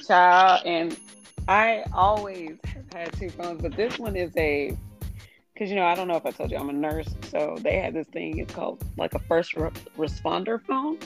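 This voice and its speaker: A hoarse woman hosts her podcast in a low, gravelly voice. She chats frankly and easily with her guest, laughing often. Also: normal speed, over music. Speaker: podcast host. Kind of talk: casual chat.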